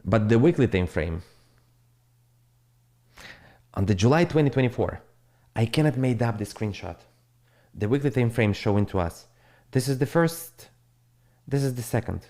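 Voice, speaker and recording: Blunt, profane crypto streamer. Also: male voice, mid-range voice, animated, normal speed, dark tone. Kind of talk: casual live-stream monologue.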